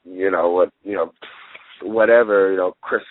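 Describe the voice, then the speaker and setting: A young man with a lowish voice rambles through a casual interview, full of fillers and rising excitement. The sound is dry and narrow, like a phone line. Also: normal speed, dry recording. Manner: rambling, lots of fillers, gets excited retelling. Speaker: guest wrestler.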